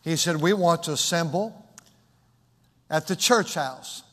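A man, the pastor, making relaxed church announcements with a few hesitant fillers. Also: a little high, measured pace. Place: church service. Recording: reverberant church hall.

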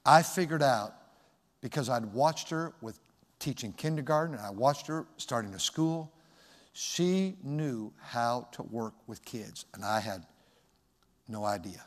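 A man's voice: medium pitch, lively intonation, measured pace, big-room sound. A male pastor preaching a sermon, telling a personal story in a reflective, folksy way.

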